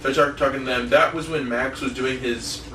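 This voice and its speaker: A man's voice: medium pitch, fairly even intonation, brisk, bright, forceful tone. A young man co-hosting a casual podcast, telling rambling stories full of swearing and laughter. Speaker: podcast co-host. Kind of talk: casual chat. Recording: echoey room from far off, faint noise.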